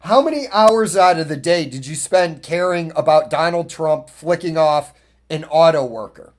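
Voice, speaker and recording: A man's voice: a little high, animated, moderate pace. A man hosting a podcast, delivering a blunt, profane, opinionated monologue and telling stories in a ranting, casual way. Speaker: podcast host.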